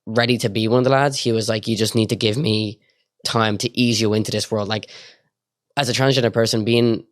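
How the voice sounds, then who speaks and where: A young man with an Irish accent, a guest telling stories casually, quick and full of fillers and acted-out dialogue. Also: on the low side, steady tone, dry recording, studio quality. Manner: rapid, filler-heavy storytelling full of quoted dialogue. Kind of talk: casual storytelling.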